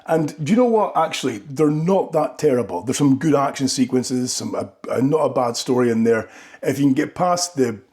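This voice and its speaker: Guy, comic monologue, rambly, keeps checking in with "right?", mid-pitched. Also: animated, moderate pace, darkish tone. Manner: rambling, tags lines with "right?". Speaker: comedy vlogger. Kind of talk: comedic monologue.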